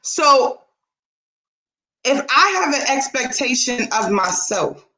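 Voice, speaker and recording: A woman's voice: medium pitch, echoey room, poor audio. A woman co-hosting a casual talk show, telling a story animatedly and acting out the dialogue. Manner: animated, acts out quoted dialogue.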